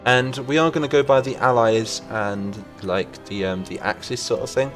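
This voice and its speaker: A young man narrates a strategy game battle in a loose, chatty way, getting excited at every skirmish. He talks into a desktop mic over loud game music and crackling gunfire. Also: mid-range voice, moderate pace. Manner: excitable, reacting aloud to the battle. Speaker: gaming channel host. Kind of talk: casual gameplay commentary.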